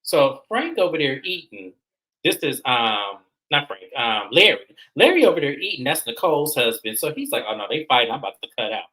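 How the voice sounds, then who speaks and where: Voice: medium pitch, very animated, a little fast, sharp tone, poor audio. A host recapping a reality show episode in casual, opinionated commentary, repeating points for emphasis.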